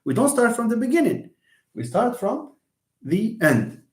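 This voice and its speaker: A man's voice: very high voice, sing-song, normal speed, darkish tone. A man teaching English word stress in a live online lesson, explaining patiently and repeating example words. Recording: echoey room.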